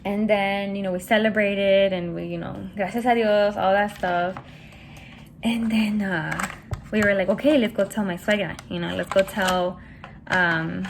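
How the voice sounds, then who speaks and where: A woman's voice: mid-range voice, gravelly, a little hiss or hum. A young woman vlogger chatting casually while doing her makeup, rambling with lots of fillers and tossing in Spanish words. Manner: rambling, many "you know" and "like" fillers, mixes in Spanish words.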